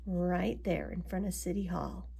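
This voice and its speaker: A woman reading a children's picture book aloud, adding gentle asides to her young listeners. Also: lowish voice, fairly even intonation, measured pace, vocal fry, slightly rough. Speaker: storybook reader.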